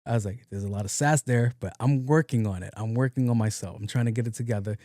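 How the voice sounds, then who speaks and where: A man's voice: mid-range voice, fast, dark tone, no echo, clean studio sound. A man in his late thirties, a podcast host, telling a comedic story alone, acting out both sides of the conversation, laughing and swearing casually. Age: 30s.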